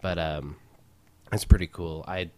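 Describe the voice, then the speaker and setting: Low-voiced man joking loosely. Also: fairly even intonation, a little slow, darkish tone, a little hiss or hum. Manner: loose, joking, stumbling restarts and swearing. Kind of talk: casual chat.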